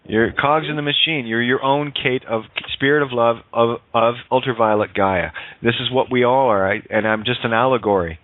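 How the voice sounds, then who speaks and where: A man hosting a casual call-in radio show, animated, swearing and laughing often. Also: medium pitch, normal speed, hardly any pauses, no room sound. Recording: phone-line radio audio.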